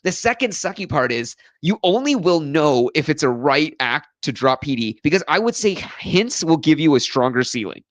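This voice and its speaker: A man's voice: on the high side, big pitch swings, moderate pace, few pauses, dry recording. A man co-hosting a podcast, talking casually and rambling, often correcting himself. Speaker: podcast co-host. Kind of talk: casual chat.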